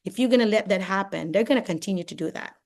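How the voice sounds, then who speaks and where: An older Filipino woman, a retired teacher and administrator, speaks as a guest on a video call, giving casual advice. Her voice is medium-pitched, fast, and animated. She acts out classroom exchanges and says "you know" often.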